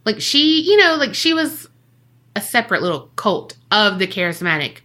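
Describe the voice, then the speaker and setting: A woman's voice: medium pitch, normal speed. A woman co-hosting a podcast, casually telling a story with slang, swearing and acted-out quotes. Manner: animated, swearing, acts out quoted people in slang. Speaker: podcast co-host.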